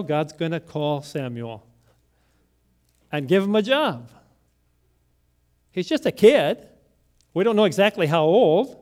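A man pastor preaching a sermon, deliberate, swinging between loud emphasis and hushed lines. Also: fairly high pitch.

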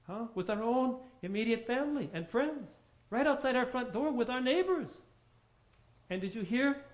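A man preaching a sermon, telling stories and shifting between soft, quiet lines and emphatic ones. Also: sits high. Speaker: pastor. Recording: roomy, dull sound.

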